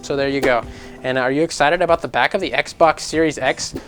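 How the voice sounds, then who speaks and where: A young man hosting a casual gaming news vlog, animated and sarcastic, swearing freely and mocking people in put-on voices. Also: mid-range voice, brisk, soft background music. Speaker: gaming news channel host.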